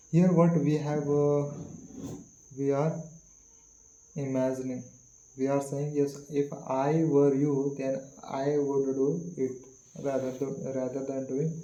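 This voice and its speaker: A man with an Indian English accent teaching English grammar, speaking slowly, repeating words and phrases, with many fillers. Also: mid-range voice, mellow, highs cut off. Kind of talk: slow classroom explanation. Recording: echoey room.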